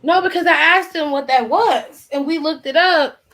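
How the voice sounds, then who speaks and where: High-voiced teasing woman host. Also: moderate pace, a bit bright, low-quality recording. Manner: teasing, laughing, blunt slang. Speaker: host of a live Q&A. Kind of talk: casual group chat.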